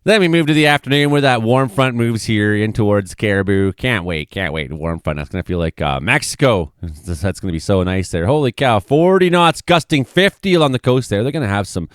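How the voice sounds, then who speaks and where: Excitable, joking weather guy. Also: lowish voice, fairly quick, hardly any pauses, smooth, dry recording, clean studio sound. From Canada. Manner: excitable, joking, swears freely. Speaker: weather vlogger. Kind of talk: casual weather commentary over maps.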